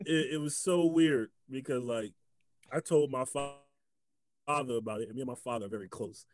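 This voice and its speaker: A young man telling a comic story in a casual chat, laughing often and acting out the people he quotes. His voice sits at a middle pitch. The sound is dry and close. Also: normal speed, long pauses, darkish tone, no echo. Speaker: guest comedian.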